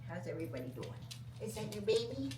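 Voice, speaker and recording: A young woman vlogger chatting casually, excitable, laughing often and gushing over her pets. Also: mid-range voice, quick pace, heavy background noise. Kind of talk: casual vlog chat.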